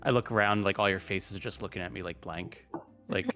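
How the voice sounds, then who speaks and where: A man's voice: low voice, fairly quick, pushed and bright, faint music behind. A man at a tabletop game describing his character's actions in a rambling way. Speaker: player.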